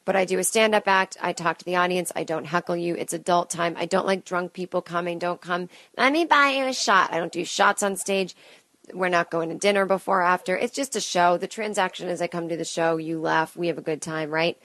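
Speaking a little fast in a fairly low, slightly bright voice with little pitch movement, this woman records with no room sound. She's in her late thirties, a comedian hosting a solo stream-of-consciousness podcast from home into a close studio mic, rambling and self-deprecating with chatty asides.

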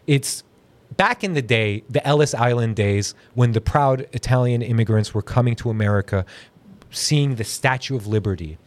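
A man's voice: mid-range voice, normal speed. A man hosting a comedy podcast, rambling through crude jokes and stories with frequent giggles. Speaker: podcast host.

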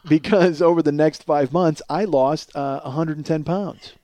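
A man's voice: fairly high pitch, steady tone, moderate pace, dark tone. A man in his forties telling a long personal story in a casual, profane way, often laughing as he talks. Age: 40s. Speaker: podcast storyteller.

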